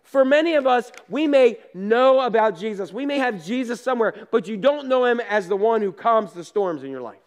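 A man with a high, light voice preaches like he is telling a story to friends. He mixes plainspoken asides into the sermon and swings between loud bursts and quiet remarks. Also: animated, moderate pace, few pauses. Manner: conversational storytelling with down-to-earth asides. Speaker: pastor.

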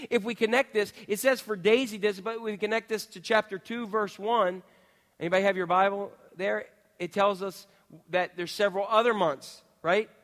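A man preaching a sermon, peppering his listeners with rhetorical questions and swinging between quiet asides and loud outbursts. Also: sits high. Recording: long reverb of a large hall.

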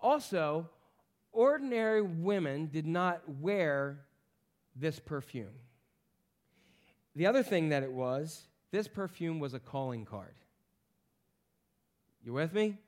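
A man preaching a sermon to a congregation, animated, asking the crowd questions and acting out the voices of people in the story. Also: on the high side, takes it slowly, long pauses. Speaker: pastor.

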